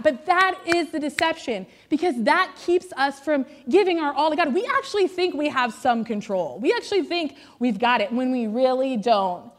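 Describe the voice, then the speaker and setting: Woman, 30s, high voice, pastor's wife telling funny family stories from the pulpit, chatty and self-mocking. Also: expressive, normal speed, few pauses. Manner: chatty and self-deprecating, with many "like" fillers. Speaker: pastor's wife giving a sermon. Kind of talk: humorous storytelling sermon. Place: on stage before a church congregation.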